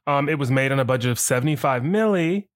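Man from the American South, mid-pitched, chatty joking podcast co-host. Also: animated, fast talker. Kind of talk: casual movie-review chat.

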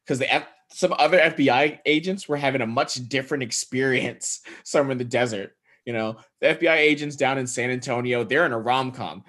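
A man's voice: mid-range voice, a little fast, hardly any pauses, a bit bright. A man hosting a casual podcast chat, laid-back and wry, steering the talk. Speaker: podcast host.

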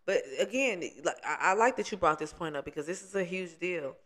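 A woman's voice: fairly low pitch, lively intonation, a little fast, fairly bright tone. A woman co-hosting a casual chat, speaking earnestly and emphatically as she gives advice. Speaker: podcast co-host.

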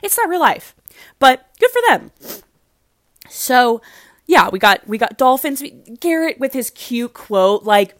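A woman's voice: high voice, very animated, a little slow, no room sound, clean studio sound. A young woman casually recapping a dating show, gushing and rambling with lots of "like". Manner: gushing, rambling, heavy use of "like".

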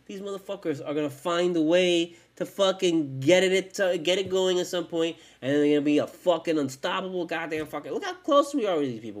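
A man's voice: fairly high pitch, expressive, a little fast, hardly any pauses. A tired man hosting a fan podcast, ranting in a profane, rambling and heated way late at night. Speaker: sports fan podcast host. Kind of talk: casual rant.

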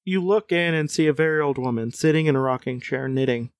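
A man's voice: a little high, a little fast, clear, resonant tone, no room sound. A man reading a choose-your-own-adventure book aloud, with playful asides, frequent laughs and casual chat. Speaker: reader of a gamebook.

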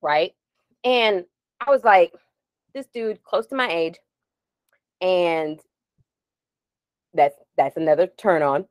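A woman in her forties co-hosting a podcast, telling a story in an animated, laughing way and drifting off on tangents. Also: lowish voice, takes it slowly, pauses often, no room sound. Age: 40s. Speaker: podcast co-host. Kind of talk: casual chat.

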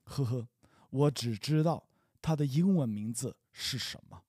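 A man's voice: mid-range voice, measured pace, dark tone, breathy edge, no echo, clean studio sound. A man reading the part of a boastful, secretive young man in a practice dialogue, teasing and evasive.

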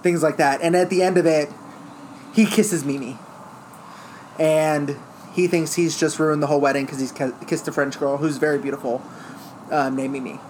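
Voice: medium pitch, steady tone, normal speed, pauses often, a little mellow, slight background noise. Speaker casually retelling a plot. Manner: storytelling, acts out lines in quoted voices.

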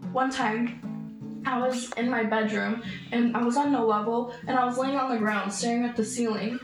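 A woman's voice: on the high side, fairly even intonation, moderate pace. A young woman recounting her own hard experiences in an interview, getting emotional and acting out how she pleaded. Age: young adult. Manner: emotional, acts out pleading voices in her story. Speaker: survivor interviewee. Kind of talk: personal storytelling. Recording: echoey room with faint music.

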